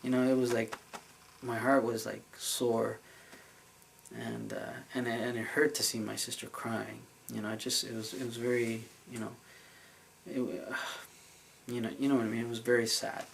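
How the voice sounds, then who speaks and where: A man recounts a dream for his vlog in a loose, earnest way, circling back with fillers and restarts. His mid-pitched voice carries a gravelly edge. A faint hiss sits under the recording. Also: level tone, moderate pace, low-quality recording. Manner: rambling, many fillers and restarts; earnest and emotional. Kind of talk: casual storytelling vlog.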